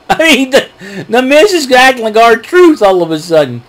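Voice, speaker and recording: A man's voice: very high-pitched, sing-song, moderate pace, a bit bright. A man casually recapping wrestling events, rambling with fillers and chuckling at his own jokes. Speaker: wrestling show recap host. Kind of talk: casual solo recap talk.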